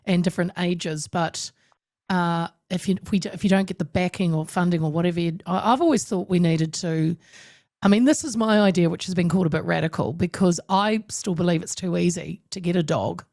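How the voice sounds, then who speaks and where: A woman's voice: fairly low pitch, fairly quick, gravelly, no room sound, clean studio sound. A woman hosting a talk show interview, talking emphatically with lots of restarts. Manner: emphatic, animated, with many restarts. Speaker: radio talk show host. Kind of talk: casual interview chat.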